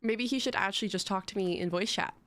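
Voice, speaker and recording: A woman's voice: mid-range voice, fast talker, a bit bright. A young woman streaming live, chatting in a rambling, giggly, self-mocking way to her chat.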